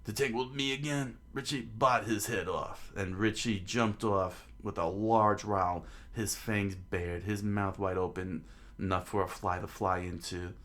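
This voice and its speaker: A man casually reading a story aloud, halting often to restart lines and getting excited in the action. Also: deep voice. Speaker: reader.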